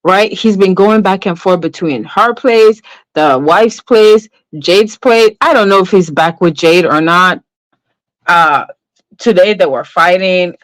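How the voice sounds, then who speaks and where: Speaking slowly in a fairly low voice with no room sound, this woman hosts a casual livestream about online drama. She tags her lines with "right?" and stops mid-story to greet viewers in the chat.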